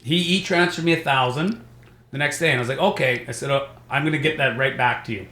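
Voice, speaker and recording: Speaking quickly at a medium pitch, this Canadian comic spins stories in relaxed conversation and mimics the voices of the people in them. The podcast studio recording carries a roomy echo.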